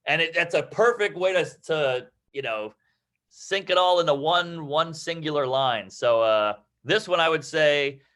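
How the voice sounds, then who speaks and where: Bright-voiced man talking comedy writing. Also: a little high, a little slow. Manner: rambling, profane, acts out quoted voices. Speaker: comedy teacher. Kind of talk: casual comedy-writing chat.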